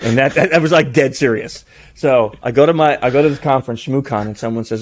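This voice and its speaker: A man telling stories as a podcast guest in a casual, animated way, his voice jumping high when he gets excited. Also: fast. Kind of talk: casual storytelling.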